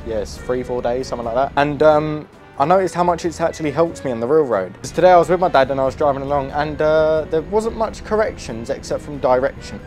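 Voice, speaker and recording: A young man with a British accent chatting casually over his driving game, excitable and prone to yelps and swearing. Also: fairly high pitch, brisk, soft background music. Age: young adult. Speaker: gaming YouTuber. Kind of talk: casual gameplay commentary.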